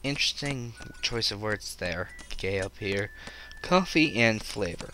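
A man's voice: lowish voice, animated, unhurried, bright, forceful tone, a little hiss or hum. Chatty man commenting on a game. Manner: chatty, self-deprecating asides to viewers. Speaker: let's play commentator. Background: game music.

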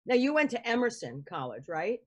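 A woman's voice: on the high side, very animated, fairly quick, breathy edge, highs cut off. A woman hosting a podcast interview, chatty and enthusiastic, who laughs easily. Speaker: podcast host. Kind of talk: casual interview chat.

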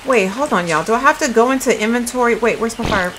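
A woman's voice: fairly high pitch, quick pace, fairly bright tone, a little hiss or hum, rough recording. A woman giving casual let's-play commentary, chatty and puzzled, thinking aloud to her viewers. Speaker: gaming video creator.

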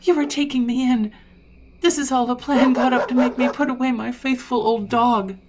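Woman playing a furious countryman yelling. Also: sits high, steady tone, normal speed, background noise, voice pushed up, lightly acted. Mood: outraged. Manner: shouting in outrage. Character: desperate condemned countryman defending his old dog.

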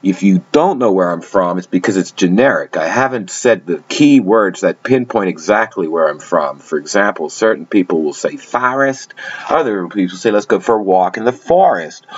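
A man's voice: sits low, lively intonation, normal speed, husky, dull audio. A man demonstrating several English accents one after another, explaining each as he talks. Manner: shifts between accents as he explains them.

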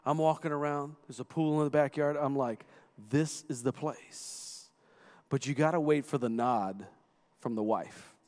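A man in his thirties preaching a sermon, telling a family story in an animated way, acting out the voices and rising to shouts. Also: medium pitch, unhurried. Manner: animated storyteller who acts out quoted voices and rises to shouts. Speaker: guest preacher. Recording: long echoing hall reverb.

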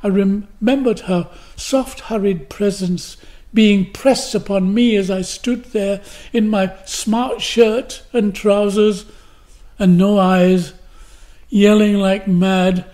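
An older man with a Glasgow accent, telling a story with theatrical flair. He acts out cries and quotes, tosses in rhetorical questions, and speaks with a mellow, soft-edged tone. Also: high voice, fairly even intonation, slow. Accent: Glaswegian. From Scotland. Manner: fillers and restarts, rhetorical questions. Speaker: actor, interview guest. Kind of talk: anecdotal storytelling in an interview.

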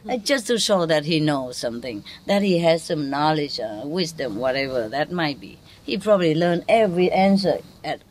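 Speaking with a Vietnamese accent, a woman gives a spiritual teaching talk to an audience. She's playful, laughs often, and quizzes her listeners, her pitch fairly low.

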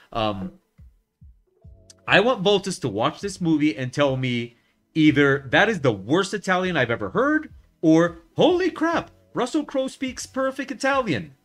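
Guy rambling on a live art stream, bouncy lively pitch, lots of ums and restarts, faint music underneath. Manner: rambling, chatty, many fillers and restarts; wry, lively storytelling. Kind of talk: casual chat while drawing on stream.

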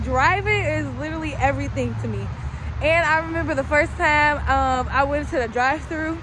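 A woman's voice: high voice, brisk. A nineteen-year-old woman chatting casually to her viewers in a vlog, playful and profane, recorded on a phone outdoors and on a bus. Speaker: vlogger. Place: outdoors, at a bus stop, on a bus and walking. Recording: street and vehicle noise behind.

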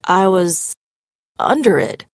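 A woman's voice: fairly low pitch, big pitch swings, takes it slowly, dry recording, studio quality, heavily acted. Woman doing a faltering, scared boy. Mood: shaken. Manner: faltering, hesitant. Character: frightened, shaken young boy.

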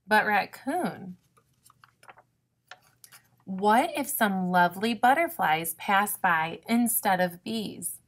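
A woman voicing a cheerful, excitable young duck in a picture-book reading, high and eager. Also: slow, pauses often. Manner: bright, eager, exclaiming.

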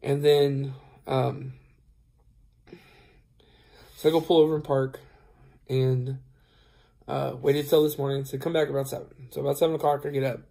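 A man's voice: medium pitch, little pitch movement, moderate pace, gravelly, pauses often, dark tone. A tired man who drives trucks telling a rambling story to camera, acting out both sides of the conversation with plenty of fillers. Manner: rambling, retells dialogue, many fillers. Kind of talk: casual storytelling vlog.

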